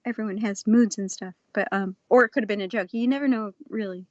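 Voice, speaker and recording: Woman, podcast guest, casual and laid-back, laughs easily, mid pitch, muffled audio. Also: quick pace, no room sound. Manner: laughs often, easygoing, many restarts. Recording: slightly dull, lo-fi audio.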